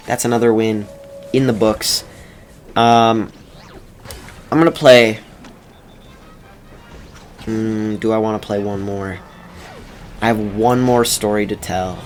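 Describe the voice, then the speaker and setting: A young man telling a casual story over gameplay commentary, rambling and wry, with many pauses and self-corrections. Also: mid-range voice. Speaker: video creator.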